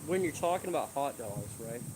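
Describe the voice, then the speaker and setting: A man's voice: mid-range voice, expressive, a little fast, very noisy. Easygoing guy rambling on a phone stream outside, bugs and cars buzzing behind. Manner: laid-back, rambling, swears casually. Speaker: live stream host. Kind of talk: casual live stream chat. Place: outdoors at home, rural yard.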